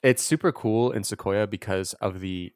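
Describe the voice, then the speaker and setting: A man co-hosting a podcast, chatting casually, laughing often and swearing in relaxed banter. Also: on the low side, normal speed, no echo, clean studio sound. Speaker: podcast co-host. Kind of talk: casual chat.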